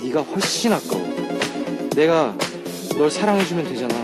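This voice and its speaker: A man voices a protective young man in a radio skit who fires off rapid, intense declarations. He speaks very fast, with loud music pounding behind him. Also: a little high, expressive, lightly acted. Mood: devoted. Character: protective young man, angry over her heartbreak.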